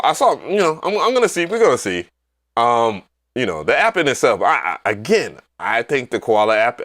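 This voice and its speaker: Man, livestream host, casual chat, swings his pitch all over, swears a lot, gets loud when excited. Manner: animated, profane storytelling with loud excited outbursts.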